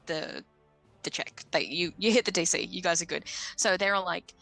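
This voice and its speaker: A woman's voice: on the low side, moderate pace, creaky, a bit bright, soft background music. A woman narrating as game master of a tabletop game, casual in rules talk and lyrical when she sets the scene. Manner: descriptive, casual with fillers, lyrical in scene-setting.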